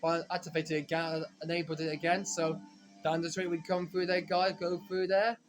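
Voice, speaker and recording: A man giving rambling, self-correcting commentary while playing a racing game, now and then breaking into frustrated shouts. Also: fairly high pitch, flat delivery, a little fast, over music. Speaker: gaming commentator. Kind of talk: casual let's-play commentary.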